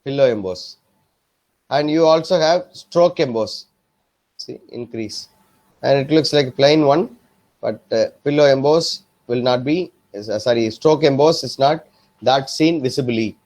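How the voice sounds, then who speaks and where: A man teaching a software design lesson, often repeating himself and asking if the class is following. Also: mid-range voice, unhurried. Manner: repetitive, keeps checking "am I clear?". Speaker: design instructor. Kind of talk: screen-recorded software tutorial.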